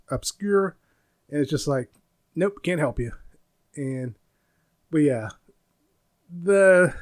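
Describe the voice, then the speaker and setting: A man nearing fifty from the United States talks through a casual solo podcast episode. He rambles, stops to hunt for words and laughs at his own points. His voice sits a little high for a man. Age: 40s. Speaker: podcast host.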